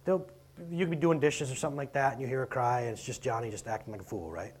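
A man preaching a conversational sermon, asking rhetorical questions and swinging between loud and quiet. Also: mid-range voice, quick pace, a little hiss or hum. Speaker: pastor.

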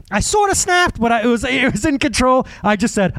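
A man's voice: high voice, a little fast, hardly any pauses, dry recording. A man preaching a casual, conversational sermon, telling personal stories, acting out other people and chuckling along the way. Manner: animated storyteller, acts out other people, chuckles often.

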